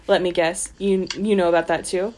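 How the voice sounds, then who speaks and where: A woman's voice: fairly low pitch, steady tone, moderate pace, a little mellow, slight background noise. A woman co-hosting a podcast, reading a trashy novel aloud with sarcastic, giggly asides. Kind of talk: mocking dramatic reading with commentary.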